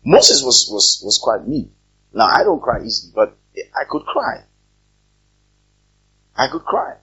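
Husky-voiced man preaching, lo-fi recording. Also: mid-range voice, measured pace. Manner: animated, rising to loud emphatic peaks; speaks directly to the congregation with questions. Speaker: pastor. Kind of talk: preaching a sermon with scripture reading. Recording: dull lo-fi sermon recording.

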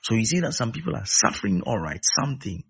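A man's voice: medium pitch, sing-song, fast talker, creaky, husky. A man preaching a sermon, emphatic and repeating his key phrases. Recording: dull lo-fi recording.

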